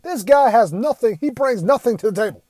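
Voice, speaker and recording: A man's voice: very high voice, animated, a little fast, warm tone, dry recording. A young man giving a profane, exasperated rant as a gaming commentator. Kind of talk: ranting commentary.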